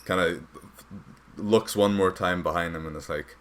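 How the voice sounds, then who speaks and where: A young man narrating as dungeon master, rambling and halting with many fillers. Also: deep voice, fairly bright tone, a little hiss or hum. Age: young adult. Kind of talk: narrating a tabletop game.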